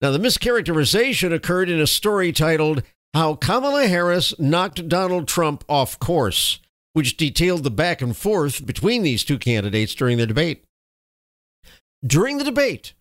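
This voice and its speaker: A man's voice: a little high, fairly bright tone, dry recording. A man hosting a political commentary show, reading stories with opinionated, sarcastic asides.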